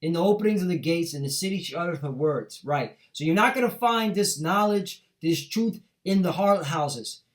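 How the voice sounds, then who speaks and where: A man's voice: a little high, animated, moderate pace, hardly any pauses. A middle-aged man preaching a heated street sermon, reading scripture and breaking off into profane rants, punctuating lines with "all right?" and "man".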